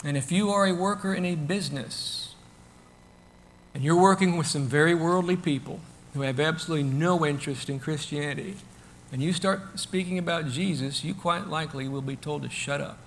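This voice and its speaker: A man preaching a sermon in a conversational, animated way, asking rhetorical questions and loudly acting out the crowd. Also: a little high, moderate pace, a little hiss or hum. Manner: animated, acts out the crowd and shouts with sudden bursts. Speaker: pastor.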